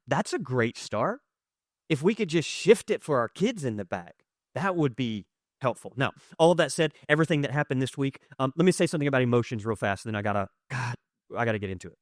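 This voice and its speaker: A man preaching a conversational sermon, candid and animated, telling stories with quick asides to his congregation. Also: medium pitch, dry recording, clean studio sound. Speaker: pastor. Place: church auditorium.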